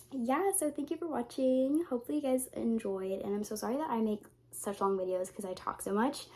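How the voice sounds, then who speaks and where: A young woman vlogger chats casually with her audience, drifting from one thought to another and swearing freely. Her medium-pitched voice is creaky and somewhat dark, and it carries emotion, as though she's often close to tears.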